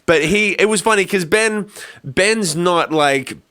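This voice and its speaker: A rock singer co-hosting a podcast, telling rowdy stories and teasing his partner with plenty of swearing. His voice sits fairly high for a man. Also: unhurried, pushed and bright, smooth. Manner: storytelling, profane, teasing. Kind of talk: casual podcast chat.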